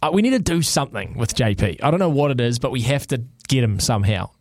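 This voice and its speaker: A man's voice: medium pitch, animated, fast talker, a little mellow. A man co-hosting a sports talk radio show, bantering animatedly and hatching schemes. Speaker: radio co-host. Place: radio studio.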